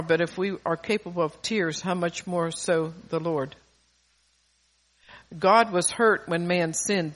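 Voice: mid-range voice, fairly bright tone. A preacher and parent giving a sermon, reading psalms aloud in an earnest voice that swells in force on key lines and often stumbles and restarts mid-phrase. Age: adult parent.

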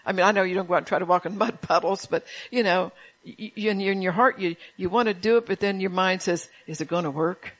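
A woman's voice: mid-range voice, quick pace, low-quality recording. Woman preacher, folksy and chatty, laughs between points and calls out to the congregation. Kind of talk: sermon.

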